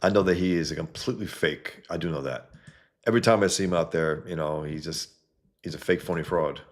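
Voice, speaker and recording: A man's voice: extremely low pitch, a little fast. A man hosting a casual livestream, reading viewer comments aloud and answering them in a blunt, rambling, sometimes profane way from a home setup. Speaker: livestream host.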